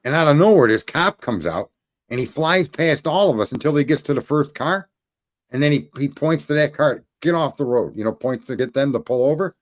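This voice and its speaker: A man hosting a podcast, telling long stories in casual chat. He swears freely and rambles, and his voice climbs high when he gets indignant. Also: animated, a little fast. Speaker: podcast host.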